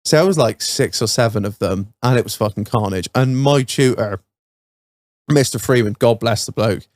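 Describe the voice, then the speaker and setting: A man's voice: medium pitch, normal speed, no echo. A man co-hosting a podcast, telling school stories in a sweary, laughing, casual chat. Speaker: podcast co-host.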